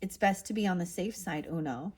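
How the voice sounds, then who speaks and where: A woman's voice: lowish voice, brisk, darkish tone, husky. A woman reading aloud and voicing a timid little boy who lisps. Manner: babyish lisp. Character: small boy, childish and timid.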